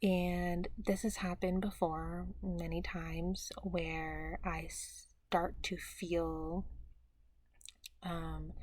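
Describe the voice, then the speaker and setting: Slow, soft-spoken, hesitant young woman. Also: on the low side, no echo. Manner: soft, hesitant, many pauses and fillers. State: low, tired mood. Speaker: vlogger. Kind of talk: personal video diary.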